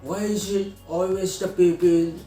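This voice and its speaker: A man mocking a mumbling, gravelly-voiced male film character by imitating his low, slow delivery. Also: flat delivery, dark tone, faint music behind. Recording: echoey room.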